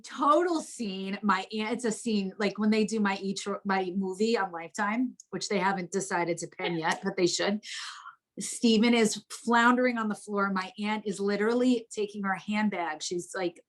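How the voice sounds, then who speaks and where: Middle-aged jersey woman telling her life story at home, lively and blunt, swears a bit. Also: mid-range voice, normal speed. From New Jersey. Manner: vivid, expressive storytelling with casual swearing. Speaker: guest. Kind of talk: candid life story in conversation.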